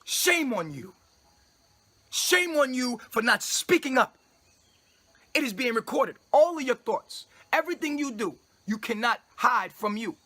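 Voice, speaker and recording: A man's voice: very high voice, lively intonation, measured pace, bright, forceful tone. A man streaming a grandiose, commanding preaching monologue to his followers, scolding them with repeated phrases. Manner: repetitive, scolding tone at listeners. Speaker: self-styled spiritual leader addressing followers.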